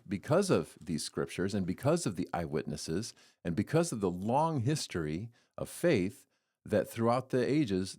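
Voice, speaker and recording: A man hosting a devotional podcast, talking in an earnest, storytelling way with lively swings. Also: lowish voice. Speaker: podcast host giving a devotional. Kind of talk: casual devotional talk.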